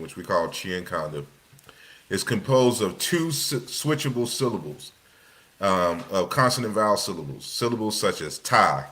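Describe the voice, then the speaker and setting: Deep voiced guy, lecturing off slides, loose and chatty with lots of restarts. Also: a bit bright. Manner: loose and conversational, many restarts and fillers.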